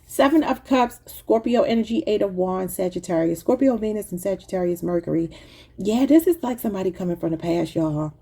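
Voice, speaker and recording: A woman reads tarot cards in a loose, chatty way, talking straight to her viewers and breaking into laughter at her own words. Her voice is mellow and a little husky. She keeps the tone easy and conversational throughout. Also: medium pitch, animated, a little fast. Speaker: tarot reader. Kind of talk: casual tarot reading to camera.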